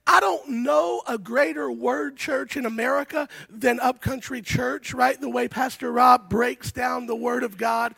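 A man preaching a lively sermon as a guest pastor, often shouting, with stammered restarts. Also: very high voice, a little slow, gravelly, hardly any pauses, husky, no room sound. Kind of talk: energetic sermon.

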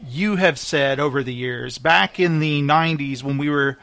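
Here a man with a slightly high voice speaks at normal speed in a dry recording. He's a podcast host in casual conversation, animatedly telling stories, performing movie lines, and laughing often.

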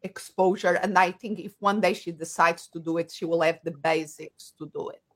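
A woman, an English speaker, talking as an interview guest and often pausing to search for words. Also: fairly low pitch, steady tone. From Portugal. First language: Portuguese. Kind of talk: conversational interview.

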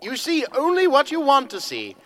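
A man's voice: extremely high pitch, wildly swooping pitch, moderate pace, a bit bright, heavily acted. An actor playing a scornful male tyrant who commands his servant with contempt. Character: cold scornful male tyrant and master of illusion.

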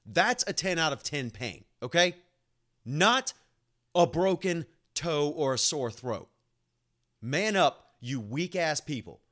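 A young man hosting his own podcast, rambling through a personal story in casual chat, animated and swearing freely, with lots of "like" and "uh.". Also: on the high side. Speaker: podcast host and nurse.

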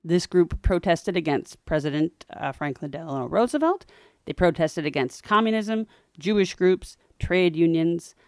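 A woman co-hosting a podcast, telling a history story in a chatty way with wry, animated asides. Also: on the low side, normal speed, no echo, clean studio sound. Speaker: podcast co-host.

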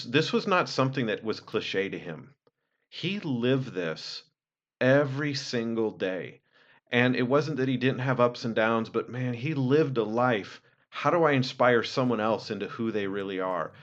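A man's voice: medium pitch, lively intonation, unhurried. A man on a podcast talking earnestly and casually, with fillers and restarts. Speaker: podcast host. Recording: dull lo-fi recording.

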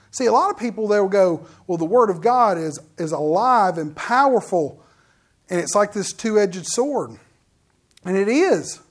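A man delivering a relaxed, conversational sermon. He preaches in a folksy, animated way, often turning to the listeners with direct questions and asides. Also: high-pitched.

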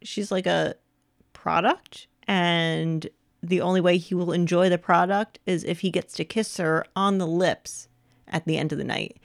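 A woman's voice: on the low side, steady tone, unhurried, gravelly. A woman co-hosting a casual podcast chat about a movie, wry and skeptical with dry quips. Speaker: podcast co-host.

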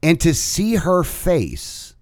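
A man's voice: a little high, sing-song, slow pace, darkish tone, no room sound, studio quality. A man co-hosting a podcast, telling a casual story in a rambling, profane way with lots of restarts. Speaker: podcast co-host.

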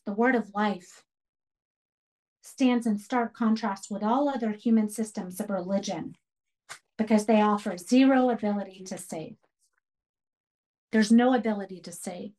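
A woman's voice: a little high, darkish tone. Earnest woman teaching a Bible study. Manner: earnest, preaching with rhetorical questions. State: tearful while telling a story.

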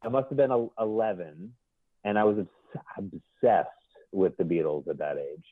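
A man's voice: sits low, normal speed, no room sound. A man, a guest musician, talking in a casual chat and often repeating himself as he hesitates. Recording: dry, tinny phone-like line.

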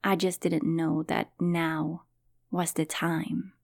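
Soft-spoken woman with a low voice. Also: level tone, slow pace, vocal fry, no echo, studio quality. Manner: soft, partly whispered, reflective delivery. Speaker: podcast host. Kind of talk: personal storytelling podcast.

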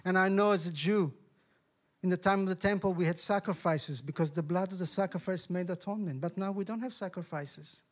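A middle-aged Israeli man, a guest speaker sharing his testimony in a sermon, telling the story with lively acted-out dialogue. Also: high voice, fairly quick. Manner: animated storyteller, acts out dialogue with raised voices. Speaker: guest speaker, ministry director.

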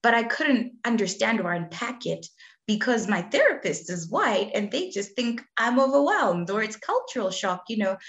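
A woman's voice: fairly high pitch, very animated, moderate pace, fairly bright tone. A woman from Zimbabwe, a guest telling her personal story in an earnest, emphatic way, often acting out what others said to her. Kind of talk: candid conversational storytelling.

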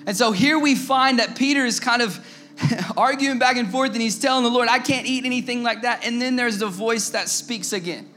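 A man's voice: moderate pace, soft background music. A man preaching to young listeners in a casual storytelling way, asking them questions and using slang. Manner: conversational, asks the audience, drops to a low hushed tone for the tense parts. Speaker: youth preacher.

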